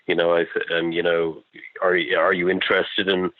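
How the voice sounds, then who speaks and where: A man's voice: low voice, flat delivery, normal speed, dry recording. An Irish man, a film-maker guest in an interview, telling long, enthusiastic anecdotes. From Ireland. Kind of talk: interview storytelling. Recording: dry tinny phone line.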